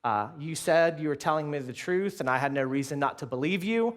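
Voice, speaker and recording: A man voicing a big stern father who turns remorseful, speaking lower and quieter. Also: brisk.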